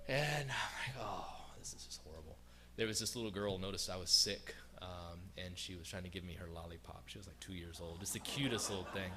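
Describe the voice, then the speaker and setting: Young male guest speaker in a church, casual storyteller, lower-pitched but bright tone, faint room hiss. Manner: conversational, self-deprecating, many fillers and restarts. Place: church sanctuary.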